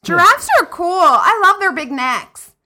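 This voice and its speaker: A woman with a high, bright voice banters in a relaxed chat with friends. She is playful and giggles easily. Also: measured pace. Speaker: podcast co-host. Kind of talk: casual chat among friends.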